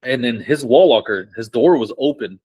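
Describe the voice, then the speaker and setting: A man's voice: mid-range voice, normal speed, husky, no room sound, poor audio. Young man telling stories, casual. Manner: excited, swearing, laughs often, acts out quotes loudly. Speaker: podcast guest. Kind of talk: casual storytelling.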